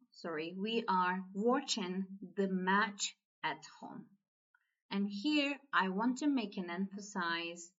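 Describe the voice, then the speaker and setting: A woman's voice: mid-range voice, fairly bright tone, dull audio. A woman with a Turkish accent, a native Turkish speaker, teaching a language lesson patiently, step by step. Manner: patient, step-by-step, with non-native English phrasing. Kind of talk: slow explanatory online lesson.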